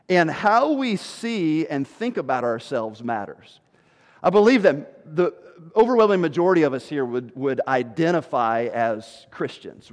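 A man in his forties preaching a sermon as pastor, animated, acting out what people say. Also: a little high, big-room sound. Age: 40s. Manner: animated preaching, quoting people in put-on voices.

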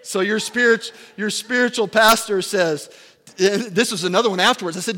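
A man in his forties, a pastor giving a sermon as an animated, joking storyteller. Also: high-pitched, normal speed. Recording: long hall reverb.

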